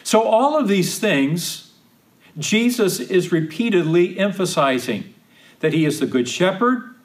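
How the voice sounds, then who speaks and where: Slow, deliberate man teaching scripture. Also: high voice. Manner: slow, deliberate, emphatic repetition of quoted verses. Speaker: Bible teacher. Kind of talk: Bible study teaching.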